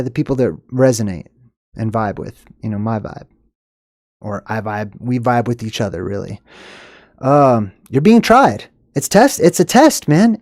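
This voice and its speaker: A man hosts a loose, rambling solo monologue in a dry, close-miked sound. His pitch sits mid-range, but he jumps from low mutters to sudden excited highs and chuckles at his own tangents. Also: dry recording. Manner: rambling, animated, laughs between asides. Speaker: host. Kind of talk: casual monologue on omens.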